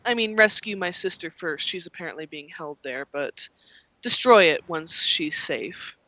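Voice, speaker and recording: A man's voice: on the high side, expressive, normal speed, pushed and bright, no room sound, poor audio. A game master voicing a cold, scheming male director who orders an island destroyed, contemptuous and clipped. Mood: ruthless.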